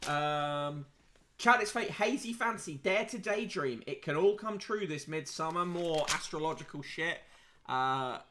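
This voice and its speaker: A man's voice: on the high side, expressive, measured pace, sharp tone, a little hiss or hum. A man hosting a podcast, reading magazine snippets aloud and adding wry, sarcastic asides. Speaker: podcast host reviewing print media. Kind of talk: casual read-aloud commentary.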